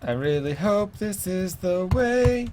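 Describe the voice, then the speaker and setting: A man live-streaming a game, joking, laughing a lot and yelling when excited. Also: high voice, slow pace, faint music behind.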